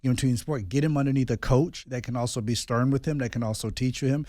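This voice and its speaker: A man co-hosting a casual podcast, telling a family story in an animated way and often repeating his words as he thinks. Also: mid-range voice, fast, dry recording. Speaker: podcast co-host and father.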